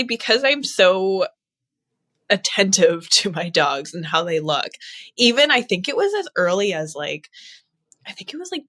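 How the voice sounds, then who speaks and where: A woman who breeds dogs talking casually as a guest, earnest and animated, with many fillers. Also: mid-range voice. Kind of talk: casual conversation.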